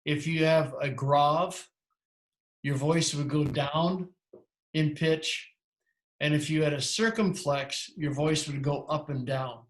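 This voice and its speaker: Man teaching in an echoey room. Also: a little high. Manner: rambling, self-correcting explanations. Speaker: Greek teacher. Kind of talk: lecturing in a class.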